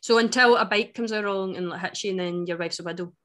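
A woman's voice: medium pitch, fast talker. Chatty Scottish woman podcast co-host. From Scotland. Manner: chatty, wry and animated. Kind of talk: casual chat.

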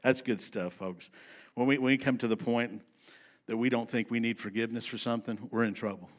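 Delivering a sermon to his congregation, this male pastor speaks at medium pitch with fairly even intonation. His style is folksy and emphatic, slowing for scripture readings and quickening for asides.

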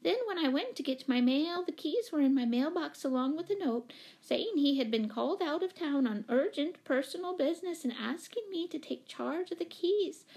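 A woman reading aloud does a fussy lady in a storybook, high-pitched and fluttery. She rambles and hedges as she explains herself. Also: gravelly, a little mellow.

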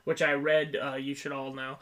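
Twenties, mid pitch, podcast co-host, casual film review, rambling, tangent-prone. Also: level tone, normal speed, a bit bright. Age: 20s. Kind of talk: casual movie-review banter.

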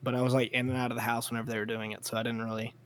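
A young man co-hosting a casual podcast. He talks in an offhand, relaxed way and says "like" a lot. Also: medium pitch, racing, clean tone. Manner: relaxed, offhand, uses like often. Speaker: podcast co-host.

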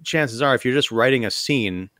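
A man's voice: mid-range voice, moderate pace, sharp tone, no room sound, studio quality. A man co-hosting a film podcast, hesitant and searching for words, with sarcastic asides. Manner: hesitant, lots of fillers and restarts, sarcastic asides. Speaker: podcast co-host. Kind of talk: casual film discussion.

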